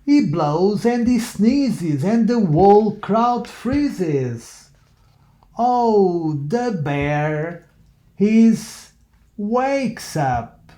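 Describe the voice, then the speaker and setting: A man reads a rhyming picture book aloud at a very slow, sing-song pace. His voice sits a little high but sounds soft and mellow. Each line falls into a gentle rhythm. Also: sing-song. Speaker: reader.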